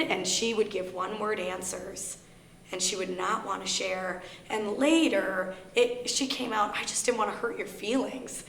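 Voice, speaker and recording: A woman with a Minnesota accent speaks earnestly and openly to a gathered audience, her voice set at a middle pitch. She is recorded in a roomy, echoing library space. A faint hum sits under her voice. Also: a bit bright. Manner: earnest, candid storytelling with shifting emphasis. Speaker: guest speaker on grief. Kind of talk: personal talk to an audience. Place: library meeting room. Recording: echoey room with faint hum.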